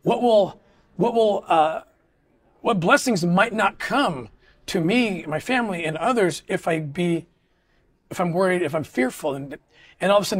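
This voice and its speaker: Here a middle-aged interview guest talks casually yet earnestly, often breaking off and starting his sentences over. His voice is high-pitched with a somewhat bright quality.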